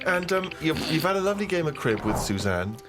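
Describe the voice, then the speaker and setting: A male co-host who teases his guest in mock-formal phrasing, often laughing along. His slightly high voice moves in a lively way, with music clearly underneath. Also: fast. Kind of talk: casual comic chat.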